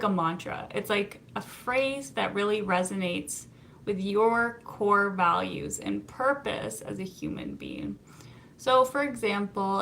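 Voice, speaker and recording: Brief: young woman therapist hosting a live stream, unhurried, a little gravelly, light hiss behind. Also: mid-range voice, a bit bright. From Canada. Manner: chatty, laughs often, reads viewer comments aloud. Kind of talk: casual live-stream chat.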